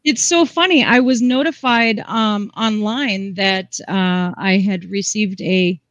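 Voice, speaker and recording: A woman's voice: medium pitch, slow pace, a bit bright, no echo, muffled recording. A woman hosting a live craft demonstration, chatty and enthusiastic, explaining each step. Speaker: craft show host.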